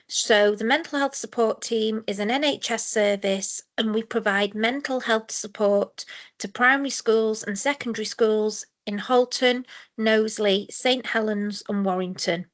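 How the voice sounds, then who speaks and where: A woman presenting a mental health webinar, explaining her service in a measured way with the odd filler. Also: fairly high pitch. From England.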